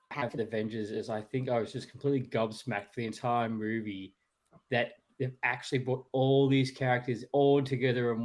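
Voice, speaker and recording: Enthusiastic man hosting a podcast. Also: medium pitch. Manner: enthusiastic, conversational. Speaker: podcast host. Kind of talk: casual podcast chat.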